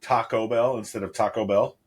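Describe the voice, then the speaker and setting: A man's voice: fairly low pitch, steady tone, a little fast, husky. A man in casual podcast chat, teasing his co-hosts with playful banter. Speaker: podcast co-host.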